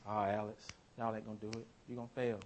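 A man voicing a whispering tempter spirit in a whispered role-play, hushed and coaxing. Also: lowish voice, level tone, fast talker, a little hiss or hum, voice pushed down, natural voice. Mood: undermining. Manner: coaxing, insinuating.

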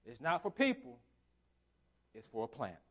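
A pastor preaching a sermon in a church, driving points home with emphatic repeated phrases. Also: male voice, medium pitch, huge pitch swings, moderate pace, muffled recording. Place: church sanctuary.

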